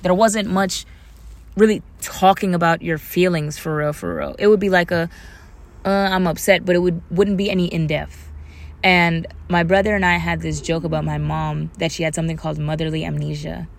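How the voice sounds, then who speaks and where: A woman with an African American English accent hosts a solo podcast in a lowish, gravelly voice, keeping a steady tone and moderate pace. She talks casually and animatedly, putting on playful voices when quoting other people.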